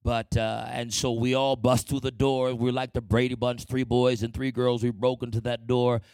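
A man's voice: medium pitch, little pitch movement, normal speed, darkish tone, no echo. A man telling his life story to a congregation in a church testimony, speaking conversationally and often asking the listeners for an amen.

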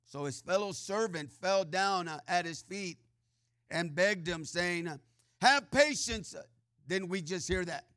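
A man delivers a sermon in a high, bright voice, reading scripture in sing-song swells. He speaks slowly and fills his phrases with "uh" and "amen." The sound is dry and close. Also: fairly even intonation, no room sound. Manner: frequent filler "uh" and "amen" asides. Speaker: preacher.

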